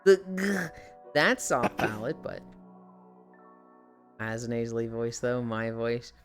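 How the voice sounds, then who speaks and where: A woman's voice: extremely low pitch, slow pace, fairly bright tone, soft background music. A young woman streamer with a nasal voice, sick, chatting with viewers in a sarcastic and profane way. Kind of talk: casual live-stream chat.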